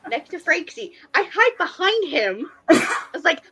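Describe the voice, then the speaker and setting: Woman, podcast co-host, bright sharp voice, slightly high, animated storytelling, swears freely. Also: normal speed, poor audio. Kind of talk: casual chat, storytelling.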